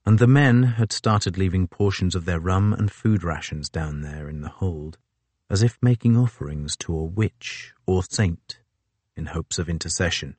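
A man reading a novel aloud as the narrator, in a measured, even storytelling manner on a close microphone. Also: sits low, dry recording. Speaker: audiobook narrator. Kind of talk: scripted narration.

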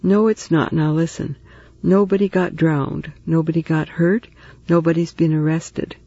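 Man doing a talkative motherly woman, comforting, teasing, raised pitch, gravelly, storybook. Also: flat delivery, unhurried, mellow, dry recording, lo-fi sound. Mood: chatty. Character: chatty motherly Southern woman neighbor.

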